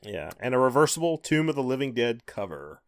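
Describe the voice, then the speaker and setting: Man, podcast co-host, casual chat, offhand asides, mid pitch, dry close sound. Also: brisk, dry recording. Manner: relaxed, reads release lists with asides.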